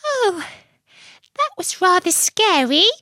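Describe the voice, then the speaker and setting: A woman's voice: very high-pitched, very animated, slow pace, bright, forceful tone, dry recording, clean studio sound, voice pushed up, exaggerated voice. A woman voicing little Tim, a small timid male pond creature, asking nervous, fretful questions in a storybook. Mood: shaken.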